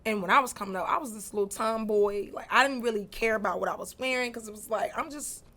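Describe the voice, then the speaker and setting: A woman's voice: fairly high pitch, fast. A woman, telling stories as a guest in a casual interview. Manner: animated, swings from quiet to loud, laughs while telling.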